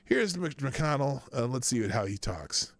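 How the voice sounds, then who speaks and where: A man's voice: medium pitch, sing-song, unhurried, gravelly, no room sound. A man hosting a live news commentary show, talking in a sarcastic, rambling way with frequent swearing and restarts.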